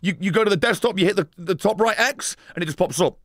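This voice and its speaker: A man's voice: high voice, fast, few pauses, no echo, clean studio sound. A man streaming a game live, ranting at his chat in a profane, exasperated way. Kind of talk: live gameplay stream commentary.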